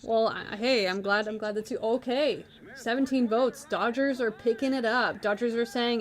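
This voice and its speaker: A woman's voice: a little high, moderate pace, hardly any pauses, slight background noise. A woman hosting a live stream, chatting casually with her viewers. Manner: chatty, talks to chat viewers. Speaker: livestream host.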